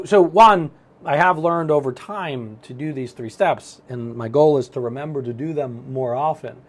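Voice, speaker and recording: A middle-aged man with a medium-pitched voice gives a motivational self-help talk. He's animated and tells stories, acting out his own thoughts as he goes.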